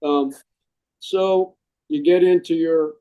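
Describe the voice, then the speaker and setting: A middle-aged man, a Marine veteran, telling stories in a casual interview, animated and jokey and saying "man" a lot. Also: on the high side, slow pace, highs cut off.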